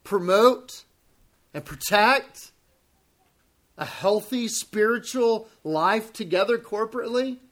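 A male pastor preaching a sermon to his congregation, emphatic and deliberate, repeating key phrases for weight. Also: high-pitched, animated, a bit bright.

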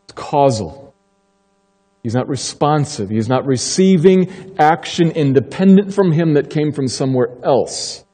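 A male pastor delivers a sermon with a mellow, dark tone, slowing deliberately on the words he wants to land. His unhurried delivery rings out in a church sanctuary with a long hall reverb. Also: fairly high pitch, animated, breathy edge. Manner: emphatic, slows down to stress key phrases.

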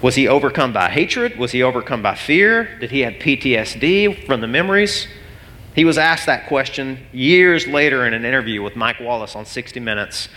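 A man gives a sermon as pastor, in a bright, forceful voice at a middling pitch. His earnest storytelling carries a long reverb from a large hall. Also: sing-song, moderate pace. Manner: earnest storytelling, turns emotional and laughs it off.

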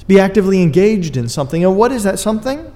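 A man's voice: high-pitched, sing-song, fast talker, dark tone, big-room sound. A man preaching a sermon, earnest and emphatic, with dry asides to his congregation. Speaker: pastor.

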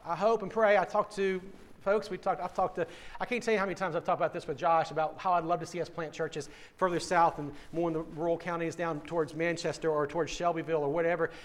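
A male pastor preaching a sermon, earnest and direct, often repeating words as he starts a phrase and calling listeners "friend". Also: sits high.

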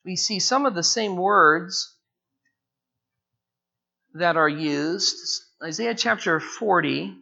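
Bright-voiced male preacher, emphatic and deliberate. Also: creaky. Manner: repeats phrases, slows down and rises in pitch for emphasis. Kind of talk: expository sermon. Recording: dull lo-fi recording.

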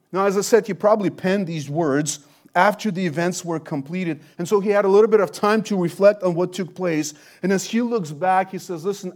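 A man preaching an expository sermon. He talks earnestly, rising loud on key points and dropping low and quiet after them. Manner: earnest, swells loud then drops low for emphasis. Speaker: pastor.

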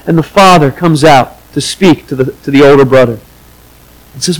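A man's voice: fairly high pitch, normal speed, poor audio. A man preaching a sermon as pastor, earnest, and acting out the quoted voices of the story.

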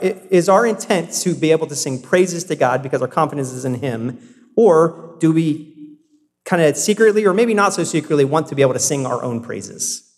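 A man preaching a sermon, talking to the congregation in an earnest, conversational way that circles back through rhetorical questions and restarts. His voice sits a little higher than most men's. The sound carries a long hall reverb, as if from a church sanctuary. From South Carolina. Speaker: pastor.

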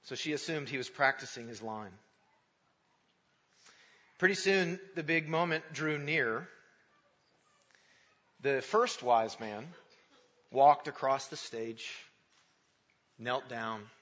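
A pastor gives a Christmas Eve sermon, praying and telling a story in an earnest storytelling manner, warm in prayer. His voice is medium-pitched and slow with frequent pauses, and the sound is dull inside a large, echoing church.

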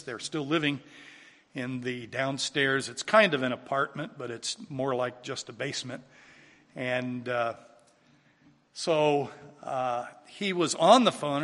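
A man preaching a sermon from the pulpit, earnest, rising to emphatic peaks and dropping quiet. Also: mid-range voice. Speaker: pastor. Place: church sanctuary. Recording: long hall reverb.

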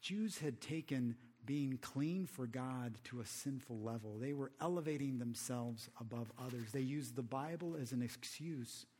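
A male preacher delivering a sermon in a conversational manner. He often asks the audience rhetorical questions, and his voice sits in a medium pitch. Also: darkish tone.

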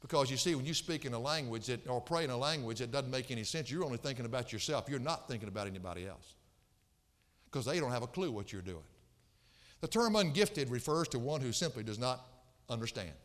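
A pastor preaching an expository sermon, emphatic and repeating phrases to drive points home. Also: male voice, mid-range voice, lively intonation, quick pace, in a large hall. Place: church sanctuary.

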